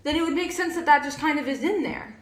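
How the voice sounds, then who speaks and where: A young woman talks casually as a co-host, animated and quick to laugh. Her voice sits a little high. The room around her is echoey. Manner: animated, laughs while explaining. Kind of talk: casual chat.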